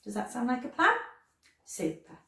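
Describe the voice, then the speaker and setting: Sing-song teacher in an echoey room. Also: female voice, on the high side, vocal fry, distant mic. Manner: slow, exaggerated sounding-out of words; animated, sing-song questions to children. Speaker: primary school teacher. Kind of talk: children's phonics lesson.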